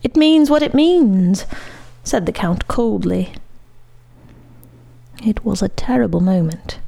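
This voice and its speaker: A woman reading a story aloud in a measured, expressive way. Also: mid-range voice, vocal fry. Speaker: story reader.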